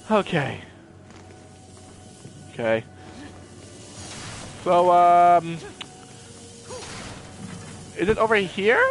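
A man casually commenting on his own gameplay, excitable, exclaiming and playfully taunting enemies into a desk mic. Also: high voice, very slow, long pauses, a little hiss or hum. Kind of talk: casual let's-play commentary. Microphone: personal desk mic.

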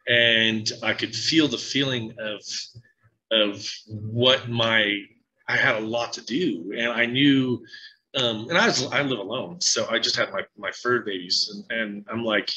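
Bright-voiced man telling a halting story. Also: medium pitch, soft background music, rough recording. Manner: halting, many fillers and restarts, emotional. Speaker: psychic medium guest. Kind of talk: casual interview storytelling.

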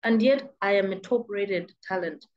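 A woman's voice: mid-range voice, moderate pace, darkish tone, lo-fi sound. A woman from Malawi with a British-sounding accent, giving emphatic, insistent freelancing advice as a vlogger who repeats words for stress. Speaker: freelancing coach. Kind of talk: motivational advice talk.

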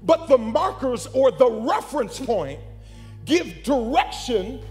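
A pastor preaching an animated sermon to his congregation, calling out to the room. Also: extremely high pitch, takes it slowly, big-room sound, faint music behind.

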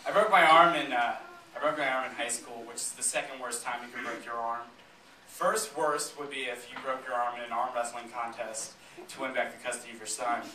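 A man performing a stand-up comedy set on a theater stage, telling deadpan stories with sudden loud punchlines while the audience laughs. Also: medium pitch, brisk. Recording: roomy, distant, noisy live club recording.

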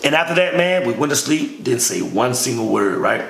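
Laid-back man telling a story, gravelly. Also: medium pitch, normal speed. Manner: relaxed, says "man" constantly, slangy. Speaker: storyteller recounting army training. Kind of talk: casual storytelling. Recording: echoey room with faint noise.

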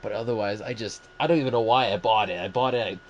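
A man's voice: lowish voice, quick pace, muffled recording, slight background noise. A man hosting a casual movie podcast, rambling and acting out his own reactions as he talks. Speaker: podcast host. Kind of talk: casual movie review chat.

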